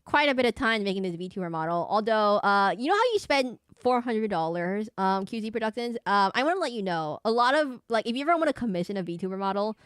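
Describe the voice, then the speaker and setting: A woman's voice: mid-range voice, lively intonation, quick pace, few pauses, clear, resonant tone, no echo, clean studio sound. A woman in her thirties chatting casually with her stream chat, rambling and giggling with lots of fillers. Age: 30s. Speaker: VTuber streamer.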